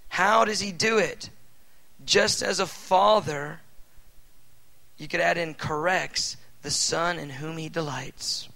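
A middle-aged man preaching a sermon in a conversational way, full of fillers, swinging between loud emphatic bursts and soft asides. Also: on the high side, slow, creaky, low-quality recording. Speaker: pastor.

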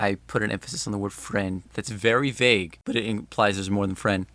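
A man's voice: lowish voice, steady tone, brisk, few pauses, a bit bright. A man playing a tabletop game, joking about his character in a self-deprecating way. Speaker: player. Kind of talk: tabletop role-play.

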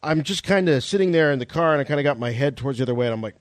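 Male podcast host, casual storyteller, lively and fairly high. Dry close sound. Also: very fast, no echo. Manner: animated, laughing, acts out voices.

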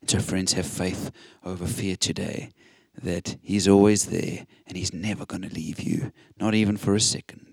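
A man's voice: low voice, steady tone, normal speed, gravelly, hardly any pauses, breathy edge, no echo. A man preaching a sermon, earnest and encouraging, quoting scripture with emphasis.

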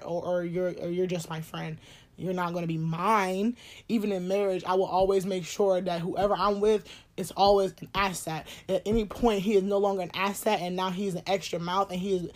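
A woman, telling a personal story in a blunt, animated way, swearing and laughing often. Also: mid-range voice. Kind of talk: casual storytime chat.

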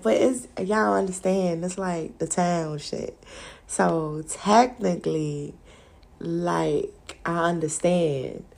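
Podcast host, female, slow husky delivery, casual profane rant with frequent laughs. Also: fairly low pitch, a little mellow. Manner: profane, exasperated, laughs often. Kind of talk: casual venting monologue.

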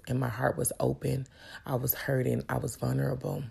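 Low gravelly-voiced woman sharing her faith. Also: level tone, a little fast, warm tone. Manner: earnest, emotional, addresses viewers directly. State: tearful at times. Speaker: vlogger sharing a testimony. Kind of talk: personal faith testimony.

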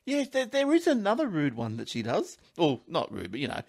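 A chatty man hosting a casual show, wandering from point to point with frequent laughs. His voice sits a bit high, and the recording is dry and close. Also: huge pitch swings, fairly quick, gravelly, a little mellow, no room sound. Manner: rambling, chatty, laughs often. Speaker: podcast host. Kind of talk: casual chat.

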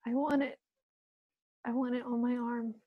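A woman's voice: a little high, flat delivery, normal speed, dry recording, phone-quality sound. A young woman chatting casually, telling stories full of "like" and laughing often. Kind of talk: casual chat.

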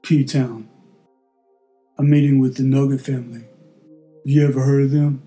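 A mild-mannered traveling doctor, voiced by a man, speaks in a polite, matter-of-fact way. His voice is mellow and soft, with faint music underneath. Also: mid-range voice, little pitch movement, unhurried, close to an everyday voice.

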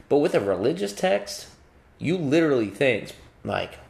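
Animated, profane man ranting comically. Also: medium pitch, normal speed, creaky. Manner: profane, animated, acts out voices mid-rant. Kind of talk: comedic rant.

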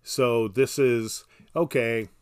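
A man explaining scripture in a casual podcast conversation, halting with restarts and dry humor. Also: medium pitch, steady tone, smooth. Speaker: Bible teacher. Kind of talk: casual Bible study podcast.

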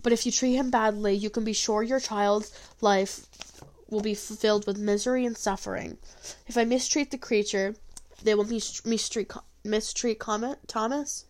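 A woman's voice: medium pitch, fairly even intonation, unhurried, close to an everyday voice. A woman reading aloud, voicing a stern, harsh-voiced old woman healer who scolds curtly. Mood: grave. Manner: scolding, curt.

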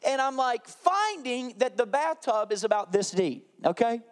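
Lively high-voiced male pastor preaching. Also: normal speed. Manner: animated storytelling, acting out his kids' voices. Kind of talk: sermon.

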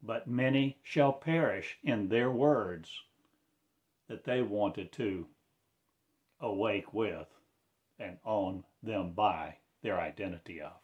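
Slow, incantatory man preaching. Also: fairly low pitch, highs cut off. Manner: slow, incantatory delivery with sudden loud proclamations. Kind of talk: rambling prophetic monologue.

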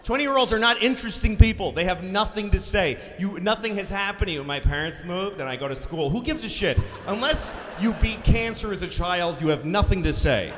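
Forties male comic from Boston, profane rant with deadpan turns, live in a big reverberant hall. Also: sits high, fairly quick, hardly any pauses, a little hiss or hum. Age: 40s. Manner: ranting, profane, deadpan asides. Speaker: stand-up comedian. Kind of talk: live stand-up comedy. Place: large concert hall stage. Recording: live hall recording with long reverb and faint ambience.

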